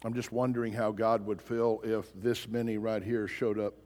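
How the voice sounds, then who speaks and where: A man's voice: fairly low pitch, flat delivery, moderate pace, a little mellow. A man preaching a sermon as pastor, emphatic and pressing his congregation with pointed questions. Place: church sanctuary. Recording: long reverb of a large hall.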